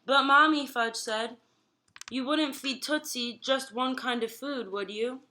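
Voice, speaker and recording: A woman reads a children's chapter book aloud to a class, with a bright, slightly high voice. She gives the characters lively voices as she reads. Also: slow. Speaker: guest reader.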